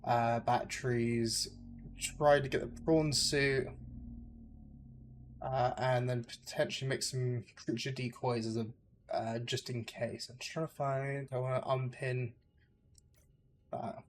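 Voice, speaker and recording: A young man from England streams a game and chats loosely with viewers, rambling and hesitant, his talk full of likes and uhs. His medium-pitched voice is slow and level, with long pauses and a little hiss or hum in the background.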